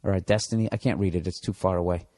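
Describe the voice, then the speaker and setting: A man's voice: deep voice, steady tone, racing, mellow, no echo, clean studio sound. A man in his forties with a Boston accent, hosting a podcast and delivering a profane, sarcastic solo rant. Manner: profane, sarcastic ranting with frequent asides. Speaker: podcast host.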